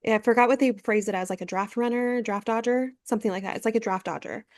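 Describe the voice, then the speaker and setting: A woman's voice: a little high, fast, no echo, clean studio sound. Blunt sarcastic woman podcast co-host. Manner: sarcastic, blunt, animated storytelling. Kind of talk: casual chat.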